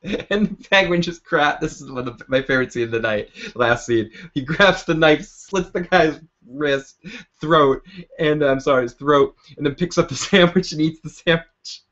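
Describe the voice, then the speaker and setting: A man's voice: a little high, normal speed, a bit bright, highs cut off. Rambling man recapping a TV episode. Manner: rambling, chuckling, acts out scenes. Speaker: show recap host. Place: basement.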